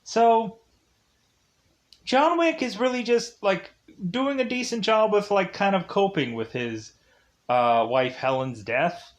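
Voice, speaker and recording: A man's high-sitting voice carries an animated, unhurried movie review. It's casual and meandering, full of digressions and constant fillers such as "like" and "uh."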